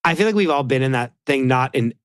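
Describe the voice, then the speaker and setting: A man's voice: medium pitch, fast talker, smooth, no echo, studio quality. A man chatting casually as a podcast guest, rambling with many "like"s and acting out what others said. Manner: rambling, heavy use of "like", animated quoting of others. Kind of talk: casual chat.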